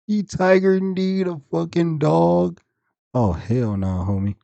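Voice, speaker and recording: A man's voice: a little high, slow pace, vocal fry, warm tone, dry recording, highs cut off. A man hosting a reaction video who comments casually and talks in a blunt, profane way.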